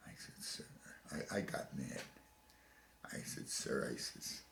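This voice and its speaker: Older man, deep gravelly voice, halting retelling, repeats himself, echoey room. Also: animated, fairly bright tone, a little hiss or hum. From Chicago, USA. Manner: halting storytelling with repeated words and restarts. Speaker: veteran interviewee. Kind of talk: oral history interview. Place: home room.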